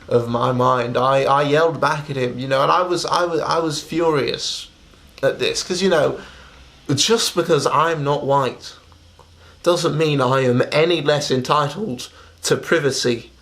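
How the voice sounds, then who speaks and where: A man delivering a mock-serious comic monologue to camera, halting and stammering with many restarts in an earnest, confessional tone. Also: mid-range voice, fairly bright tone. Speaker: comedian telling a story to camera.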